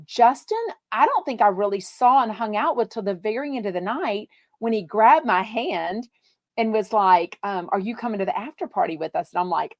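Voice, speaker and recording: A woman's voice: medium pitch, no echo. A woman from Texas, hosting a live podcast, chatting casually and reading out viewer comments in a bubbly, gushing way with lots of fillers. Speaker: podcast host.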